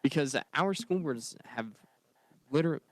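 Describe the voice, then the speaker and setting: A man co-hosting a casual political podcast, talking earnestly in quick bursts and laughing. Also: on the high side, expressive, no room sound. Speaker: podcast co-host.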